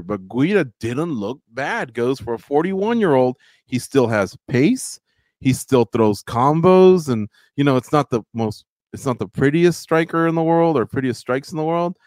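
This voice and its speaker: A man's voice: medium pitch, expressive, moderate pace, no echo. Opinionated man recapping fight results. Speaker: podcast host. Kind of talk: casual sports talk.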